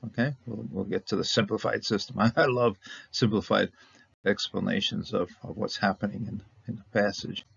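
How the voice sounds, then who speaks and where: A man teaching a recorded lesson in a relaxed, halting way, with many fillers and restarts. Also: on the low side, gravelly, slightly rough, dry recording. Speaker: Hebrew teacher. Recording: dull lo-fi dry recording.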